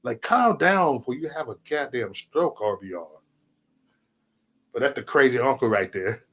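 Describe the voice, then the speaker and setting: A man's voice: medium pitch, animated, normal speed, a bit bright. A man hosting his own livestream, talking in a loose, profane, rambling way and telling stories with a lot of animation. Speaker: livestream host. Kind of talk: casual livestream rant.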